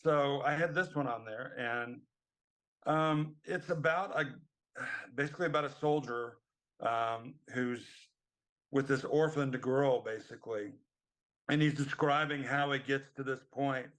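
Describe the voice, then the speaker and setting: A man's voice: mid-range voice, measured pace, fairly bright tone. A middle-aged man co-hosting a casual music podcast, talking in a rambling, hesitant way with many ums. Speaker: podcast co-host. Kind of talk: casual chat.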